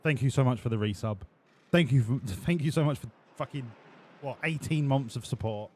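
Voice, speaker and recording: A man streaming a racing game live, bantering with his chat in a profane, excitable way. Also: medium pitch, normal speed.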